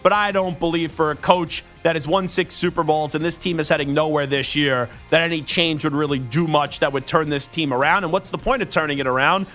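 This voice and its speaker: Male sports radio host, jokey and opinionated, tense bright tone, slightly high voice, faint music underneath. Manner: joking, opinionated banter. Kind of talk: casual sports talk.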